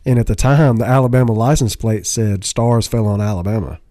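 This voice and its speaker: A man from Texas tells a story in an easygoing way. His voice is mellow and warm. The sound is dry and close-miked. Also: on the low side, a little fast, no echo. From Texas, USA. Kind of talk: casual chat.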